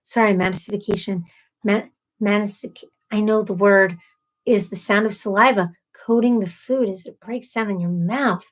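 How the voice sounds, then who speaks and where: Speaking at a normal speed in a medium-pitched voice, a thirtysomething woman rants on her laid-back live stream. She's animated and exasperated, performing the voices she quotes.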